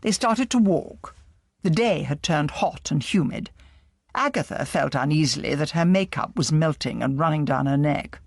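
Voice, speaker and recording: Audiobook narrator, gravelly, lively, dry close sound. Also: medium pitch, moderate pace, dry recording.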